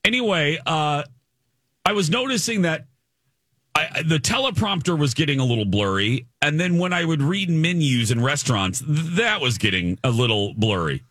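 A man in his forties hosting a radio show, telling a self-deprecating story in an animated way. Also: on the high side, normal speed, dry recording, clean studio sound. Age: 40s. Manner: animated, self-deprecating, mimics people he meets. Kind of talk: casual morning-show storytelling. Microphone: studio microphone.

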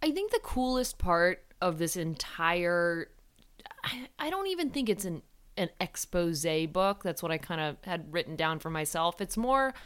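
A woman co-hosting a casual sports podcast, talking with animated enthusiasm. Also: lowish voice, unhurried, smooth. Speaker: podcast co-host.

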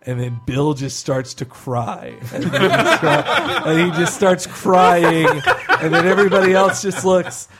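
A man's voice: high voice, expressive, unhurried, over loud music. A man chatting casually, laughing often as he retells scenes. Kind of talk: casual podcast chat.

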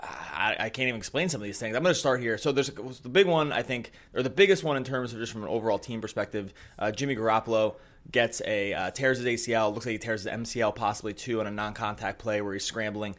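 Energetic man hosting a sports podcast. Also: on the low side, quick pace. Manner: energetic, rambling, with fillers and restarts. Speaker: podcast host. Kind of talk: casual sports podcast chat.

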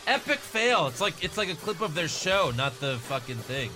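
A man's voice: on the high side, lively intonation, normal speed, sharp tone. A man co-hosting a casual podcast chat, sarcastic and swearing freely. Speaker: podcast co-host.

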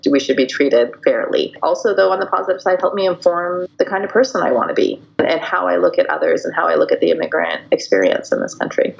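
A woman's voice: low-pitched, vocal fry, muffled recording. A woman guest telling personal stories candidly in an interview, reflective and stopping often to restart her thoughts.

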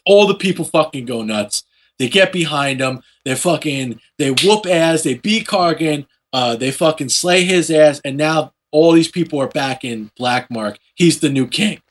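A man with a slightly high voice casually retells a comic book plot, animated and profane, jumping into quick character voices.

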